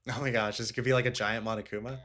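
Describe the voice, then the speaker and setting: A man's voice: on the low side, flat delivery, fast talker, a bit bright. A young man giving amused, chatty commentary while playing a game. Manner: chatty, amused, laughing asides. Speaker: let's play gamer.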